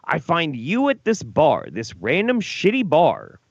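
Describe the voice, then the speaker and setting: A man's voice: on the high side, huge pitch swings, a little slow, creaky, no echo, muffled recording. A drunk man co-hosting a talk show, telling a rowdy, profane story and acting out quotes. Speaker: co-host.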